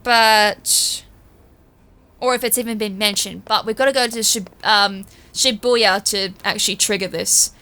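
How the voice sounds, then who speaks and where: A woman's voice: medium pitch, fairly even intonation, unhurried, pushed and bright. A woman, chatting through a video game playthrough in a rambling, self-correcting way. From Australia. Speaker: gaming streamer. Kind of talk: let's-play commentary.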